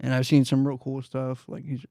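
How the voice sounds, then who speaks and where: Male podcast host, gravelly voice, loose joking chat, dry sound. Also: medium pitch, completely flat delivery, normal speed, warm tone, no room sound. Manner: loose, joking, full of fillers. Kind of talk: casual interview chat.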